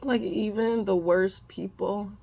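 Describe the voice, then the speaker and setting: A woman's voice: mid-range voice, fairly even intonation, takes it slowly, creaky, mellow. A woman giving a casual tarot reading, rambling with many fillers and restarts and often apologizing. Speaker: tarot reader.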